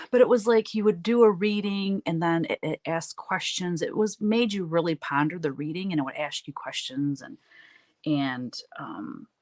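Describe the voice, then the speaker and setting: A woman's voice: lowish voice, moderate pace, darkish tone. A woman who hosts a live painting stream, chatting casually with viewers and telling funny stories with frequent laughter. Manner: chatty storyteller, laughs often. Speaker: artist hosting a live stream. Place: home art studio, standing at work.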